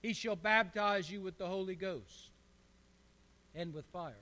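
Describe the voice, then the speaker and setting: A man's voice: sits high, a little slow, sharp tone, long reverb tail. A man preaching a fervent sermon in church, calling on the congregation to answer back. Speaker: pastor.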